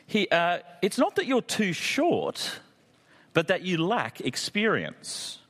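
Male preacher, chatty and jokey, very expressive pitch, reverberant hall sound. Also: slow. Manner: conversational, jokey asides. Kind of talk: sermon.

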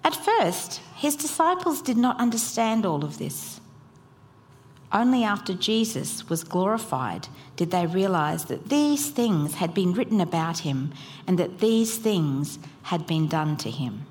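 A woman reading scripture aloud in church, slow and measured. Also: on the low side, very animated, a little mellow. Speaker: scripture reader. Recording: roomy hall with faint ambience.

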